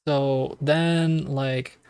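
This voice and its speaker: A man's voice: medium pitch, steady tone, very slow, darkish tone, clean tone, dry recording. A young man giving casual, rambling commentary while streaming a game, full of fillers and self-interruptions.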